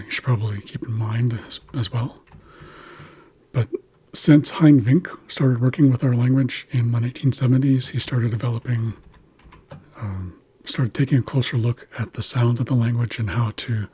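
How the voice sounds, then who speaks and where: A man patiently teaching how to pronounce words in an Indigenous language, slowly sounding out each syllable. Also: medium pitch, darkish tone, husky. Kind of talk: explaining pronunciation of an Indigenous language.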